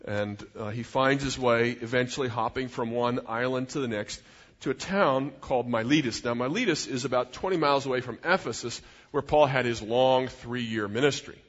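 A middle-aged pastor preaches a sermon in an earnest, conversational manner with personal asides, his mid-range voice at normal speed. The sound is dull, captured in a reverberant hall.

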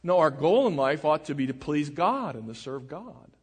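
A man preaching a sermon in an earnest, measured way, often dropping his voice low for emphasis. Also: expressive, slightly rough. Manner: earnest, measured preaching with dramatic drops in volume. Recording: reverberant hall.

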